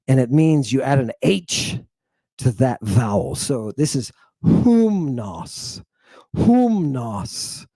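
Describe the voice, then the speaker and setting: A man giving an animated, playful language lesson, slowly repeating words for his students to drill. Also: mid-range voice, dry recording. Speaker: teacher.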